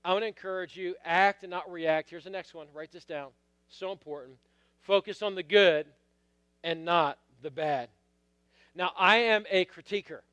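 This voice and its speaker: A man's voice: high-pitched, normal speed, a bit bright, smooth, no room sound. A middle-aged man preaching a sermon, telling a story with acted quotes and calling out to the congregation. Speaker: pastor.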